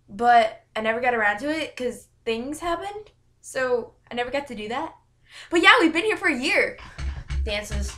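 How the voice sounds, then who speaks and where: Bubbly, animated woman vlogger. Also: sits high. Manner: giggly, rambling, self-correcting. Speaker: YouTuber. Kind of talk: casual vlog chat to camera.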